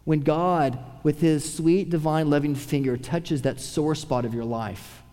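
A man preaching a sermon, swinging from a raised voice to hushed, quiet tones. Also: on the high side, steady tone, measured pace, long reverb tail. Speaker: pastor.

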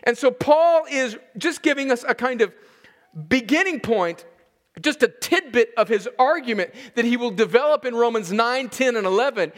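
A man preaching an expository sermon as a pastor, slowing down to stress key words and chuckling between points. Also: very high voice, fairly bright tone. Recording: long reverb of a large hall.

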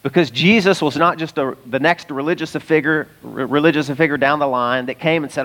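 A man with a fairly high voice preaches a sermon as a pastor. He talks to the congregation in a conversational, emphatic way and often laughs as he goes. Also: brisk, few pauses, fairly bright tone.

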